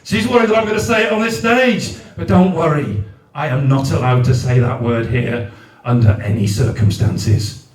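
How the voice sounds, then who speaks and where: A man's voice: on the high side, normal speed. A man doing a crude, swearing stand-up comedy set at a comedy night. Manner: crude, swearing, mock sing-song baby talk. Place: comedy night in a large venue. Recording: roomy live venue, heard from a distance.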